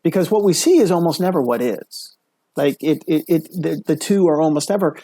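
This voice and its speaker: Male guest speaker, emphatic and earnest storyteller, mellow husky voice, dry recording. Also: fairly high pitch, no echo. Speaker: guest, mental health speaker. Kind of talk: podcast interview storytelling.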